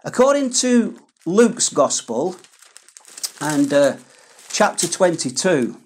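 Woman, sermon, earnest, emphatic, unhurried, lowish voice. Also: sing-song, a little mellow, slight background noise. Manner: earnest, emphatic, pleading repetitions. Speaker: preacher.

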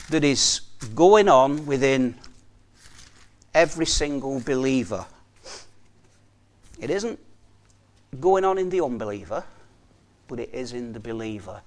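High-voiced, earnest male preacher. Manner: earnest, repeats for emphasis, often trails off softly. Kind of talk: sermon.

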